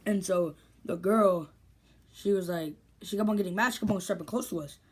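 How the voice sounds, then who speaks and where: A woman's voice: on the low side, fairly quick. A woman vlogger telling a story in casual, rambling, slangy speech with lots of restarts.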